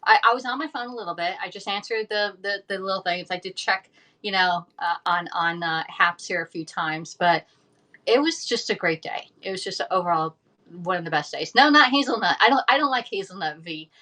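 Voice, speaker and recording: A woman's voice: fairly low pitch, a little fast, pushed and bright. Chatty woman saying y'all. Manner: chatty, says y'all often, many fillers and restarts. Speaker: livestream host selling kitchen products. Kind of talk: casual livestream chat.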